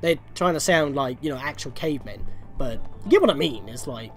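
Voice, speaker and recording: A man's voice: mid-range voice, lively intonation, fairly quick. A young man giving rambling, chatty commentary over a video game walkthrough, often correcting himself mid-sentence. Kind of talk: casual gameplay commentary. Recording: game music faintly behind.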